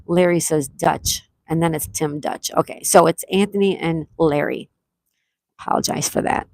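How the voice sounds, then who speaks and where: A woman hosting a casual live-stream trivia game, greeting viewers by name, reading their chat replies aloud and repeating questions slowly. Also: low voice, steady tone, no room sound. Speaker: livestream trivia host.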